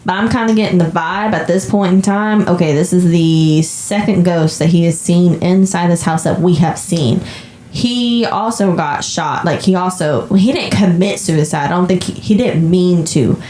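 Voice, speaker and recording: A woman's voice: fairly low pitch, normal speed, mellow. A woman co-hosting a podcast, chatting casually about a movie and thinking aloud. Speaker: podcast co-host. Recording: echoey room with faint background noise.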